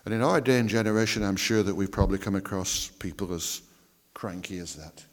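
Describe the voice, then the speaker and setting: Preacher, low voice, echoing hall. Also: male voice. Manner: emphatic, drawn-out phrasing with dramatic drops to a hush. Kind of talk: sermon. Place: church. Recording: reverberant church hall.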